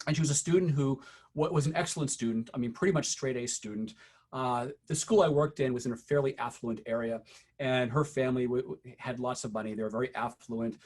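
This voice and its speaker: A middle-aged man giving a teacher-training talk, telling true stories from his classroom in an earnest, halting way with frequent restarts. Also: mid-range voice, slightly rough. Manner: earnest storytelling, frequent "uh" and restarts, quiet when recounting.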